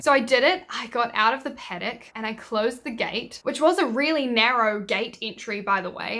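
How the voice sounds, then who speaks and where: A woman's voice: fairly high pitch, fairly bright tone. A young woman telling a story in a casual, chatty, self-deprecating vlog. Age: young adult. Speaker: vet student vlogger.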